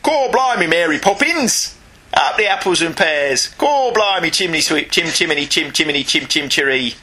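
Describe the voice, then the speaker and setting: A man's voice: a little high, expressive, moderate pace, bright, forceful tone, voice pushed up. A British man voicing a brash chimney sweep in an exaggerated mock Cockney accent, as a parody. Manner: exaggerated, sing-song parody.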